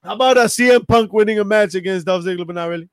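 A man co-hosting a casual podcast, animated and slangy, laughing often. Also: sits high, very fast, no room sound. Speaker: podcast co-host. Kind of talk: casual chat.

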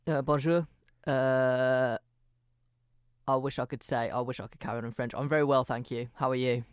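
A man's voice: mid-range voice, steady tone, normal speed, smooth, dry recording, studio quality. A man with a Birmingham accent co-hosting a podcast, self-deprecating and blunt, with some swearing. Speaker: podcast co-host. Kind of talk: casual chat.

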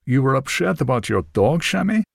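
A man's voice: medium pitch, sing-song, a little fast, gravelly, dry recording, studio quality, exaggerated voice. A man voicing a tall, balding older man who talks in clipped, brusque, no-nonsense phrases. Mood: gruff.

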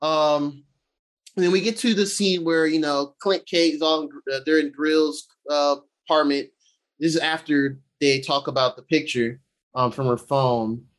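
Casual male co-host, a bit high-voiced, excitable and profane, paraphrases characters on the fly. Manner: loose and profane, acts out characters in quick paraphrase; animated pitch swings, excitable. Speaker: podcast co-host recapping episodes. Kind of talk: casual chat.

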